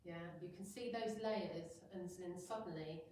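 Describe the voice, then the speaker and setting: A woman's voice: lowish voice, unhurried, warm tone, slight background noise. A middle-aged woman, a hypnotherapist, giving a chatty talk to a room of people and acting out little everyday scenes. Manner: chatty, acts out little scenes in quoted voices. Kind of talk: informal talk to an audience. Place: meeting room with an audience. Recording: very echoey room, voice far from mic.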